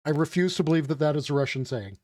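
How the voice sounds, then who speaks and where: Higher-voiced man joking over a game. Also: lively intonation, fast talker, darkish tone, dry recording, studio quality. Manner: joking, self-mocking asides. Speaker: streamer. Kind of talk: casual gaming commentary.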